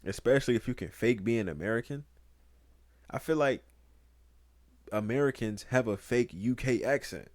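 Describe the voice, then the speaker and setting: A man's voice: medium pitch, normal speed, long pauses, dry recording. A young man co-hosting a podcast, chatting casually, rambling and joking. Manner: rambling, joking, breaks into loud laughs. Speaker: podcast co-host.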